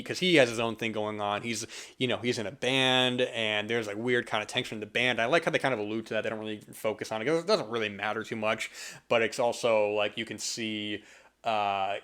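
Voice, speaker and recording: A young man from the US East Coast rambles through a casual film review, pausing on fillers and starting sentences over. His voice sits a little low. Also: fairly bright tone. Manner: rambling, many fillers and restarts. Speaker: podcast host.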